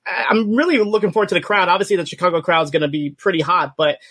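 A man's voice: high-pitched, fast, a bit bright, dry recording. A man, a podcast co-host, talking eagerly and piling up rhetorical questions. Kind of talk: casual podcast chat.

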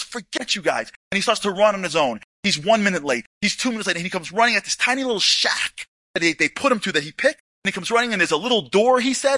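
A man telling a story to an audience, animated, acting out dialogue with casual asides. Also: sits high, dry recording. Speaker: speaker. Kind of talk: storytelling talk.

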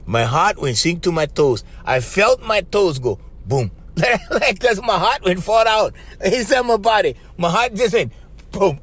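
A man with a Hawaiian Pidgin English accent, hosting a podcast and telling a story in an animated, casual way, repeating himself and calling the listener "bro.". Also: high-pitched, moderate pace, slightly rough. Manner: animated, repetitive, with frequent laughs and "bro". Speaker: podcast host.

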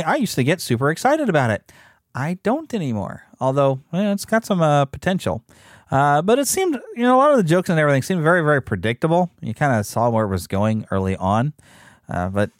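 A man's voice: on the high side, no room sound, studio quality. A man hosting a fan podcast who chats casually about upcoming films and reads their descriptions aloud, with frequent fillers and restarts. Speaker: podcast host. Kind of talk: casual movie news commentary.

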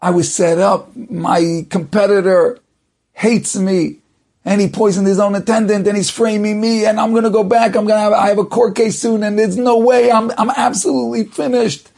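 A man plays a terrified merchant pleading through tears. His voice climbs high with panic and carries a gravelly fry. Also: little pitch movement, normal speed, a little mellow. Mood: desperate pleading.

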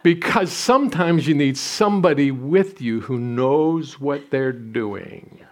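A man's voice: mid-range voice, expressive, slow pace. Storytelling pastor in his sixties. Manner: storytelling, self-deprecating humor, frequent restarts. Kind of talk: sermon.

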